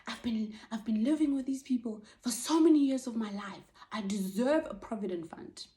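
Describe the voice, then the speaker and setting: A woman voicing an indignant fired nanny in a high, strained pleading voice. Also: normal speed, mellow, lightly acted. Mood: defiant.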